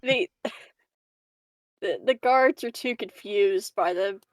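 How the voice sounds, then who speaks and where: A woman's voice: medium pitch, slow, no echo. A woman running a tabletop game as game master, giggling through her narration and swearing casually.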